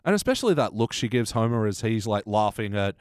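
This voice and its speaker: A man hosting a casual podcast chat, animated and quick to act out quotes. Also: lowish voice, no echo, clean studio sound. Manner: animated, quotes lines in excited voices. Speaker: podcast host.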